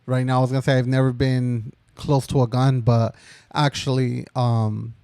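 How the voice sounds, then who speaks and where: A man's voice: mid-range voice, level tone, normal speed, dark tone, smooth, no echo. A young man in his twenties, co-hosting a podcast, telling a personal story in a casual, rambling way with many fillers. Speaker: podcast co-host.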